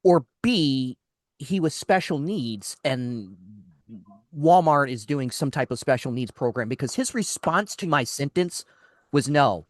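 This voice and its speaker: A man's voice: mid-range voice, animated, unhurried, dry recording, clean studio sound. A man co-hosting a radio talk show, telling a long exasperated story in casual chat, acting out the dialogue and often restarting his sentences. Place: radio studio.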